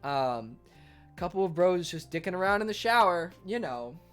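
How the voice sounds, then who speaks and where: A young man chatting casually on his livestream in an animated, rambling way, full of fillers. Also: sits high, normal speed, faint music behind. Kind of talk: casual stream chat.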